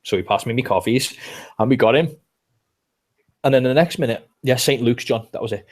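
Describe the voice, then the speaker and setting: This Liverpudlian man, co-hosting a laid-back podcast, speaks in a mid-range, slightly dark voice at a brisk pace. He's a chatty English storyteller who wanders off track and keeps starting his sentences over.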